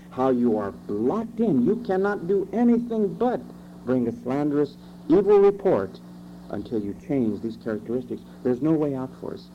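A man preaching a sermon, emphatic, asking rhetorical questions and shifting his pace. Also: mid-range voice. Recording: dull lo-fi recording with faint hum.

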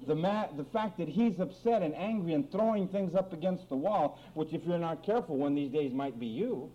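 A man preaching a lively sermon on marriage quarrels, acting out both spouses in mock voices and reading scripture. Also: a little high, a little fast. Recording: dull lo-fi recording with faint room noise.

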